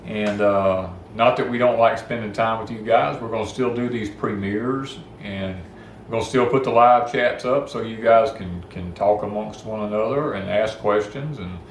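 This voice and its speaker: A man's voice: on the low side, moderate pace, reverberant. An older man with a Southern US accent, chatting casually with viewers as a homestead channel host in a folksy, rambling way. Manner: folksy, rambling, gets worked up about noise.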